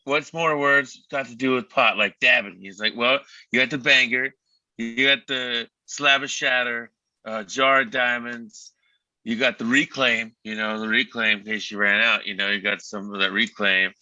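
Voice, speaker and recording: A man's voice: medium pitch, steady tone, moderate pace, pushed and bright, no room sound. A man in a band, chatting casually and telling rambling stories on a livestream. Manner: laid-back, rambling storyteller. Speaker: band member. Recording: dull lo-fi dry sound.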